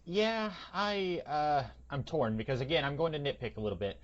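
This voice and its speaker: A man co-hosting a podcast, talking about films in a loose, chatty way with halting fillers. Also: fairly high pitch, expressive. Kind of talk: casual film discussion. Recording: dull lo-fi podcast audio.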